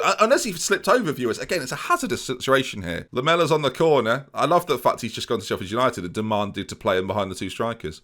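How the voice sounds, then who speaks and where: A man's voice: medium pitch, fairly bright tone. A young man giving playful, jokey let's play commentary, constantly talking to his viewers as a gaming YouTuber.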